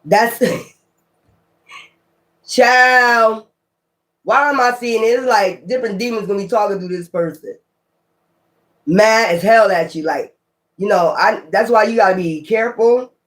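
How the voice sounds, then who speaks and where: A man giving a casual tarot reading to his viewers, blunt and profane, talking in an animated way. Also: sits high, unhurried, long pauses. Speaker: tarot reader.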